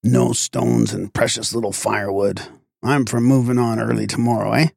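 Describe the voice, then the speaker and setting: A man voicing a practical, unflappable Swedish traveling companion who speaks in a calm, matter-of-fact way. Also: lowish voice, normal speed, creaky, no room sound, studio quality.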